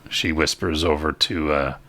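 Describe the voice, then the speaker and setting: A man narrating a tabletop game as game master, halting and full of fillers. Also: rumbling low, steady tone, sharp tone.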